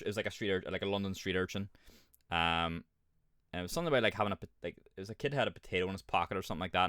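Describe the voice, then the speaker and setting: A man's voice: low voice, a bit bright, smooth, dry recording, studio quality. A man with an Irish accent, streaming a game and chatting casually, rambling, swearing often and laughing at himself. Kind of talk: casual gaming chat.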